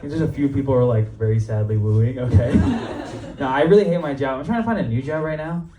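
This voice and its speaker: A young man's mid-range voice, a little fast, comes through a muffled recording with background noise as he does a casual, profane stand-up set. He laughs at his own jokes before a live club audience that laughs and cheers, with roomy sound from a distant mic.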